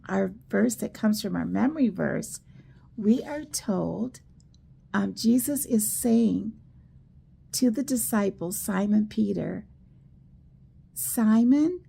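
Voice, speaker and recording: A woman teaching a children's church school lesson, telling stories slowly and acting out the quoted lines. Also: mid-range voice, gravelly, breathy edge. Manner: slow, animated storytelling with quoted voices. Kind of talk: children's Bible lesson storytelling.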